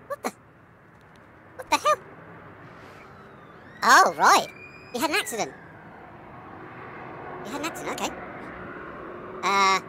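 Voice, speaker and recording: Excitable woman gaming, lots of swearing. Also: sits high, noisy background. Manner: excitable, swears a lot, talks to herself, yelps and laughs. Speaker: gamer playing a horror game. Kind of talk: swearing, laughing let's-play commentary.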